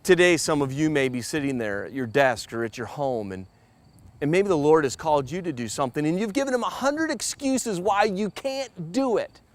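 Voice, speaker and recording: A man's voice: on the high side, expressive, moderate pace, no room sound. A man preaching a sermon, earnest and personal, often stammering and repeating words as he speaks.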